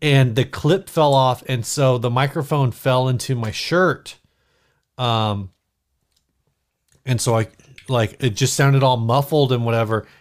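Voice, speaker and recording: A man's voice: mid-range voice, a little slow. A man co-hosting a casual podcast, chatting and laughing through his stories. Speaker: podcast co-host. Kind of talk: casual chat.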